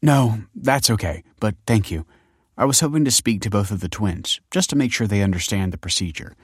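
A man's voice: on the low side, lively intonation, fairly quick, husky, dry recording, studio quality. A man voicing a composed young woman official who explains things in a precise, formal way.

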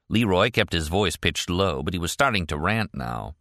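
A man narrating an audiobook in a measured, even storytelling voice. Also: deep voice, dry recording, clean studio sound.

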